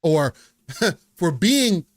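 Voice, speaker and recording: A man's voice: a little high, very animated, very slow, dry recording, clean studio sound. A man co-hosting a gaming podcast in casual chat, joking and reading chat messages aloud in a laid-back way. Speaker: podcast co-host.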